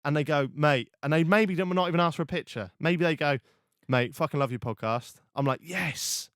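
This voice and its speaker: Young bloke chatting on his podcast, fairly high voice, dry close sound, gets excited and trips over his words. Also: a little fast, dry recording. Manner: animated storyteller, swearing, lots of restarts. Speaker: podcast host. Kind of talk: casual podcast chat.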